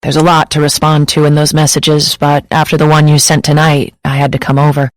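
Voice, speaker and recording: A woman voicing a fond, gentle young man who teases softly, in an audiobook. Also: monotone, fairly quick, no echo, close to an everyday voice, poor audio. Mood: tender. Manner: soft, tender, low-key.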